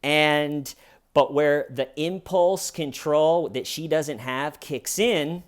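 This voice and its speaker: A man giving casual true crime commentary in a sarcastic tone, acting out quotes in a mocking high voice. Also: slow pace, a little mellow.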